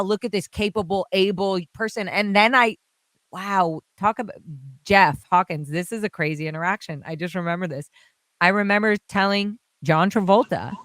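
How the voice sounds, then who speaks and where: Woman guest, casual rambling storyteller, smooth bright voice. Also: mid-range voice, no room sound. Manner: rambling, quotes people in their voices.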